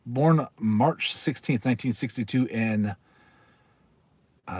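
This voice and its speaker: A man's voice: on the low side, steady tone, slow, a little mellow, dry recording. Chatty man hosting a casual livestream. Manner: chatty, rambling, laughs often, reads card backs aloud. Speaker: livestream host. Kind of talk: casual live-stream chat.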